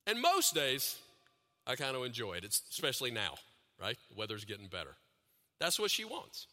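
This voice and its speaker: Male pastor, conversational sermon, tense bright tone, long reverb of a big hall. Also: mid-range voice, wildly swooping pitch, moderate pace.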